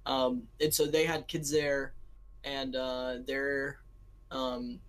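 A woman's voice: rumbling low, level tone, slow, low-quality recording. Rambling giggly woman podcaster. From United States. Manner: rambling, giggly, lots of fillers. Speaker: podcast co-host. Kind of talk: casual chat.

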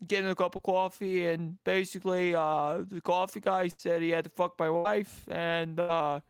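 A man's voice: high-pitched, level tone, moderate pace, smooth, no room sound. A man putting on a rambling Staten Island guy. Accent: New York. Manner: loud, rambling, heavy with fillers.

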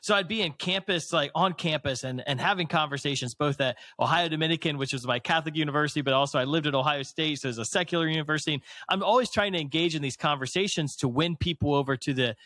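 A man's voice: fairly high pitch, fast talker, few pauses, pushed and bright, no room sound. Eager male podcast host, dry sound. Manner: enthusiastic, affirming, restarts phrases often. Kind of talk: casual faith conversation.

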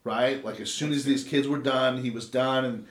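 A man in his thirties from Los Angeles tells a long story in a casual, rambling way, full of swearing and asides. His voice sits at an ordinary middle pitch. The sound is roomy and echoey, like a podcast taped in a bare room. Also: fairly even intonation, normal speed. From Los Angeles, USA. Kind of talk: casual chat. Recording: roomy echo.

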